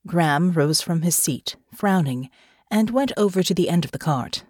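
A woman's voice: on the low side, lively intonation, normal speed, a little mellow, husky, no echo, studio quality. A woman reading a fantasy novel aloud as audiobook narrator. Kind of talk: scripted narration.

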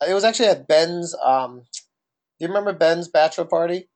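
On the high side and a little mellow, this young man's New Jersey-accented voice moves at a moderate clip. He co-hosts a laid-back podcast, chatting and asking questions between stories.

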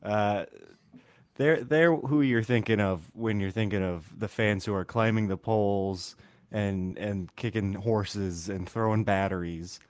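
A man co-hosting a casual sports podcast, delivering dry jokes in a deadpan way. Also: on the low side, unhurried, no room sound. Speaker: podcast co-host.

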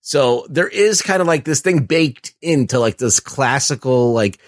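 A man's voice: medium pitch, lively intonation, no echo, studio quality. A man co-hosting a podcast, retelling movie scenes casually with many fillers and restarts. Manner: halting, lots of "like" and "uh", laughs. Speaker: podcast co-host.

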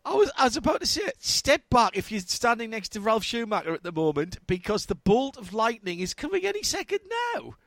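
A man co-hosts a casual motorsport chat, dropping quick asides and teasing questions. His voice is lively and full of movement. The sound is dry. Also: high voice, dry recording. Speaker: co-host.

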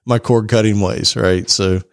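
A man's voice: lowish voice, steady tone, measured pace, vocal fry, dry recording, studio quality. A man co-hosting a tech podcast in loose, chatty conversation, laughing easily. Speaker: podcast co-host. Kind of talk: casual chat.

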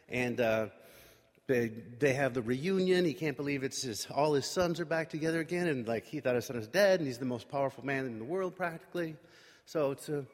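A man casually retelling a Bible story, full of fillers and voiced quotes for the characters. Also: fairly high pitch. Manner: loose retelling with lots of fillers and acted-out quotes. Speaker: Bible teacher. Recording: long reverb from a large room.

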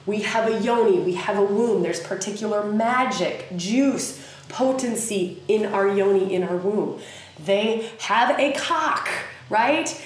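A woman with a Southern US accent hosting a podcast, teaching in a casual, animated way with many fillers. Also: medium pitch. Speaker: podcast host. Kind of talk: casual spoken teaching monologue. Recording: very echoey room with faint ambience.

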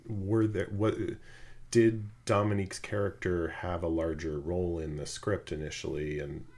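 Male podcast host, very deep husky voice, hesitant and thoughtful. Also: level tone, normal speed, darkish tone. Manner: thoughtful, hesitant with many ums. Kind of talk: casual film discussion.

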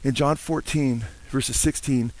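A man's voice: mid-range voice, fairly even intonation, measured pace, poor audio. An older man preaching a sermon, earnest and full of amens, now and then singing hymn lines. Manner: earnest, warm-hearted preaching with frequent amens; sings hymn lines between teaching. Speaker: pastor.

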